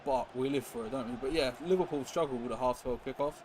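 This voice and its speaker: A man's voice: mid-range voice, fast. Chatty man over background noise. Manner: rambling, chatty, reacts to chat and game mid-sentence. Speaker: streamer. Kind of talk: casual live-stream chat while gaming. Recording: noisy background hiss.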